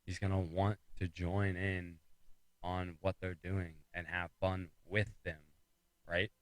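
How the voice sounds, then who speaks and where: A man with a low voice gives a casual devotional talk in a dry, close-sounding room. He talks loosely, repeating phrases for emphasis and circling back as he retells a story. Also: little pitch movement, slow pace, dry recording, rough recording. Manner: rambling, fillers and restarts, retelling a story. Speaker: speaker of a faith talk series.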